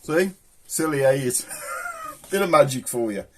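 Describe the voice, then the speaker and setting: A man's voice: a little high, huge pitch swings, unhurried, a little hiss or hum. A middle-aged man with a Black Country accent, chatting casually to camera and telling jokes in a rambling way, chuckling at his own punchlines. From England. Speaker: channel host.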